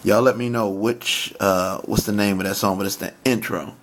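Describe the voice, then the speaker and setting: A man talking casually to his viewers about hip-hop, excited and often stammering as he restarts his sentences and recites favorite lines. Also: lowish voice, normal speed.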